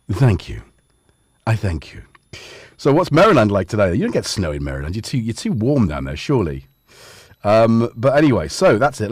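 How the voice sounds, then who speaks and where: A man's voice: medium pitch, dry recording. Male livestream host, bouncy joking delivery, dry close mic, home studio. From Scotland. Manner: playful, joking, animated asides to chat. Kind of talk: casual livestream chat. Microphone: studio dynamic mic.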